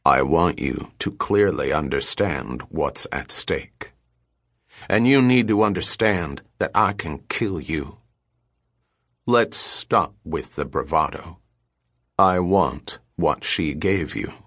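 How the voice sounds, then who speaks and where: A man voicing a calm, menacing male captor who threatens in a slow, measured way. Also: low-pitched, no room sound, clean studio sound, full character voice.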